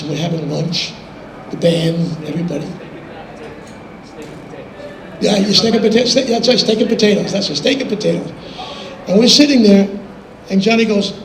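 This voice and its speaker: An older man telling animated anecdotes in an interview, acting out quotes and laughing as he goes. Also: high-pitched. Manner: animated, laughing storyteller who acts out quotes. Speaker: interview guest. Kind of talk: anecdotal storytelling. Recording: roomy with background noise.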